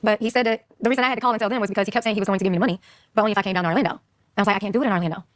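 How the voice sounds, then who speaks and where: A woman in casual conversation, telling her own story quickly and animatedly. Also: medium pitch, steady tone, dry recording.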